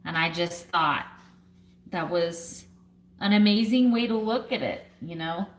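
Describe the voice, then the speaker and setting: A woman in her fifties talks to her livestream viewers at an unhurried, slow pace, in a fairly low voice. She is emotional and close to tears, and her sentences stall on fillers and trail off. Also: animated. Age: 50s. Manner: halting, with many fillers and trailing thoughts. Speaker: vlogger. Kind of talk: casual livestream chat.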